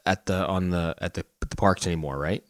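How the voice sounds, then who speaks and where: A man's voice: sits low, fairly even intonation, a little fast, no room sound, studio quality. A man co-hosting a podcast in casual chat, joking and boastful in his banter. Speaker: podcast co-host.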